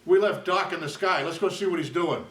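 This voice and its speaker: A man's voice: high-pitched, fairly quick, fairly bright tone, distant mic, poor audio. An older man giving a jokey, chatty narration of a small-plane flight over his town. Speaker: show segment narrator.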